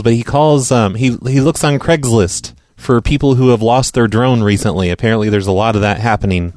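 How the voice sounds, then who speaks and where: A man's voice: lowish voice, darkish tone, no echo. A man hosting a call-in show, playing voicemails and answering with dry joking asides. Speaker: host of a call-in prank show. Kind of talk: casual chat reading voicemails.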